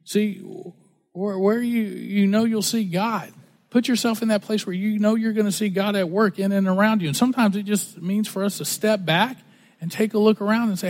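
High-voiced casual preacher in a reverberant hall. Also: male voice, a little fast. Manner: casual, conversational preaching with repeated words and slang. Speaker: pastor. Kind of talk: sermon.

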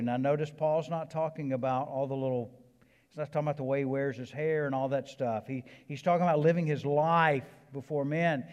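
A man's voice: fairly high pitch, moderate pace, a little mellow, big-room sound. A man with a Southern accent, a pastor preaching a sermon with emphatic builds and casual conversational asides. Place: church sanctuary.

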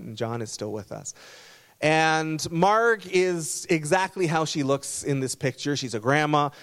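A man pastor preaching a sermon, telling stories in an earnest, conversational way. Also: medium pitch. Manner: storytelling, earnest.

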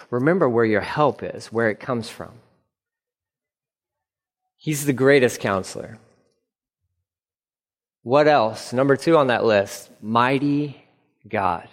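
Middle-aged man, pastor, earnest sermon delivery with repeated phrases, a touch high-pitched, echoing sanctuary. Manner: earnest, repeats phrases for emphasis, acts out quoted dialogue. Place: church sanctuary. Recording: long reverb of a church hall.

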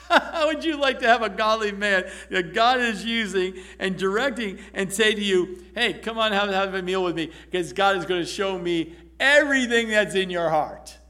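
A man preaching a sermon, reading scripture and retelling it in an animated, laughing way. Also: sits high, moderate pace. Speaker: pastor.

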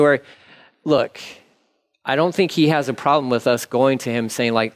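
A man's voice: mid-range voice, normal speed. A man preaching a sermon in a candid, conversational way, acting out prayers as he talks. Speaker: pastor.

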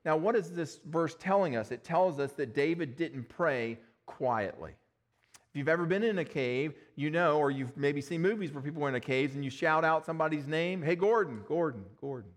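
A man's voice: fairly high pitch, normal speed. A man pastor preaching a sermon, telling the story in an earnest, dramatic way with small fillers.

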